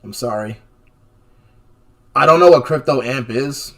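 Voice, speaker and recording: A man hosting a live trading stream, talking through stock charts in a casual, animated way and often checking in with "okay?" and "right?". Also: medium pitch, measured pace. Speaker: stock chart analyst host.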